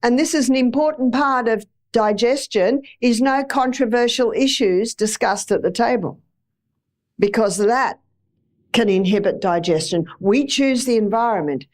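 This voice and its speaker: A woman's voice: a little high, unhurried, a little mellow. A middle-aged woman giving a chatty health lecture to a live audience, with homely anecdotes and acted-out examples.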